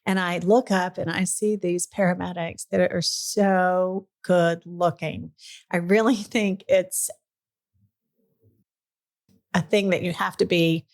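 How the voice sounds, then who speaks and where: A middle-aged woman hosting a podcast, telling a personal story in casual chat, lively and earnest, at times emotional. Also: on the low side, slow. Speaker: podcast host.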